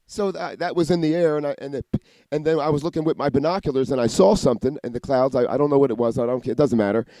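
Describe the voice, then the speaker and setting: Guy ranting a mile a minute, lots of swearing and restarts, dark mellow voice, dry close mic. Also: mid-range voice, steady tone, no room sound. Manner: rapid, profane, restarts and jumps between ideas. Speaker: vlogger. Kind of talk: rambling monologue to camera.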